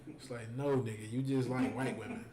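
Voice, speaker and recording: A man hosting a stream, telling stories in a casual, animated and joking way. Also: medium pitch, brisk. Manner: animated, joking, full of fillers. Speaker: host. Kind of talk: casual storytelling and preaching on a stream. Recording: echoey room with faint noise.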